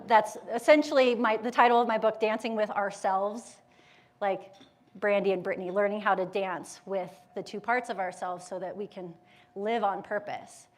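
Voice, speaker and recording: This is a mother of school-age kids, a motivational speaker and yoga educator, talking live before an audience at medium pitch. Animated and conversational, she asks the room questions and briefly performs inner voices through quick quotes.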